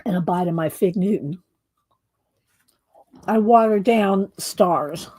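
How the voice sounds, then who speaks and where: A hoarse woman narrates her painting in a relaxed, chatty way, half talking to herself. Her voice is mellow and husky, and she keeps clearing her throat. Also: mid-range voice, takes it slowly. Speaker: mixed-media art creator. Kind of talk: casual craft tutorial chat.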